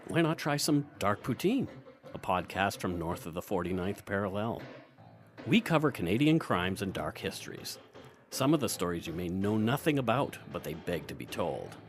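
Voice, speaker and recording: Deep wry male promo voice. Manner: punchy, wry delivery. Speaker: podcast promo announcer. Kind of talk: scripted promo read.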